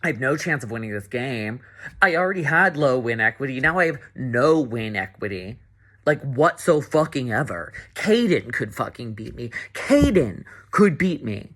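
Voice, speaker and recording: A man's voice: medium pitch, animated, normal speed, pushed and bright. A man giving a frustrated confessional as a game contestant, swearing and repeating himself. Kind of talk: confessional rant.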